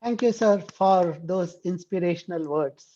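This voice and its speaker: A woman's voice: on the low side, a little slow, mellow. A woman hosting a club meeting, reading a formal, prepared introduction of the next speaker. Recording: dull lo-fi video call audio.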